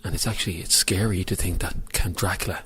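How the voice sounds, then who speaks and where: A man phoning into a radio show from a quiet church, casual, hesitant and self-mocking, fumbling for his words. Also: sits low, steady tone, fast, slightly rough. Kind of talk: casual phone report.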